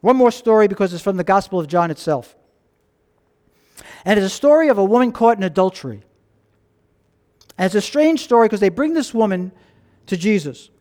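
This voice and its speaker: A male pastor preaching a sermon, telling stories and acting out the voices in them. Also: sits high. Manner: animated storytelling, acting out voices in dialogue.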